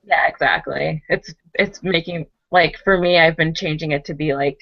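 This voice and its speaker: Brief: low-pitched woman panelist, giggly, hesitant, dull call audio. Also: normal speed, hardly any pauses, a bit bright, no echo. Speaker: panelist, animator. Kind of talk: casual online panel chat.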